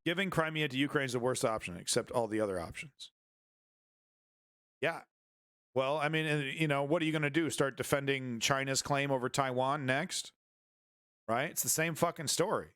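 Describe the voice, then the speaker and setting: A man's voice: medium pitch, moderate pace, long pauses, fairly bright tone, dry recording, clean studio sound. A man hosting a live-streamed news show, rambling through casual commentary with crude jokes and many restarts.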